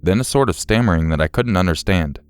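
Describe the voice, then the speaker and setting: Man, horror story narration, deep voice, dry close sound, steady pacing. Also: quick pace, clean tone, no room sound, faint music behind.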